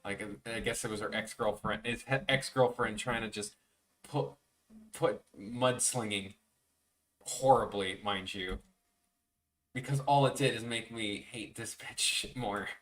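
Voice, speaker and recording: A man's voice: lowish voice, measured pace, fairly bright tone. A young man animating on a live stream, telling rambling, profane stories in casual chat and mimicking people. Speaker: animator streaming his work. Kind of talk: casual storytelling chat while drawing. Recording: voice a bit far from the mic, faint music behind.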